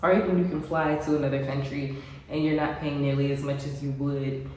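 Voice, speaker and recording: Her voice deep and darkish, level in tone and fairly quick, an American expat woman chats casually to camera. She sounds congested, says um often, and laughs lightly. There's heavy room echo and faint background noise.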